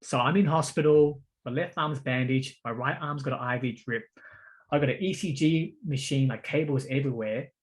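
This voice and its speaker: A man in casual podcast conversation, telling a story with lively energy. He stumbles over and repeats his words and keeps tossing in friendly "bro" and "mate". His voice sits at an ordinary, middle pitch. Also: normal speed, husky. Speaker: podcast host.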